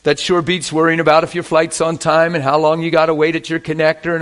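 A man preaching a sermon, telling stories in an animated way that swings from hushed to loud. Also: fairly high pitch, fairly quick. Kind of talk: sermon storytelling.

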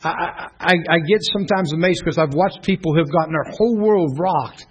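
A middle-aged man, a pastor teaching a class in a church room, telling stories in an animated way and often laughing. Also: a little high, fairly quick, husky. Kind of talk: preaching to a class. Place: church classroom, streamed online.

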